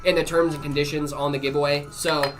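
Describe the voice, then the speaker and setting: Relaxed, filler-heavy male stream host. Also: on the high side, fairly quick, soft background music. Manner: relaxed, full of "uh" and "um" fillers, jokey. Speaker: stream host answering viewer questions. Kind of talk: casual live-stream chat.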